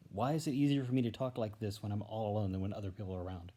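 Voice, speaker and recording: A man's voice: fairly low pitch, racing, dark tone. A man talking alone into a handheld tablet camera in a rambling, casual vlog. He is hesitant and stammers, with many fillers and trailing thoughts. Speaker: vlogger. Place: alone at home, indoors. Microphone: tablet held at arm's length.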